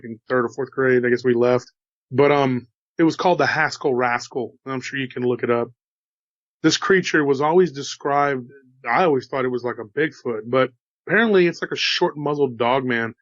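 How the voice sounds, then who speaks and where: A host from Texas with a slight drawl tells encounter stories in a casual, chatty way, tossing in folksy asides to listeners. His medium-pitched voice is fairly bright, recorded without echo but with the highs cut off.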